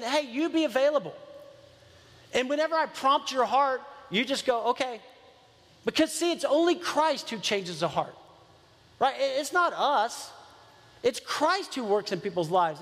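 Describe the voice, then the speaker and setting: A man's voice: high-pitched, lively intonation, normal speed, a bit bright. A man preaching as a pastor, earnest and conversational, repeating key phrases for emphasis. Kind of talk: sermon. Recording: long reverb of a large hall.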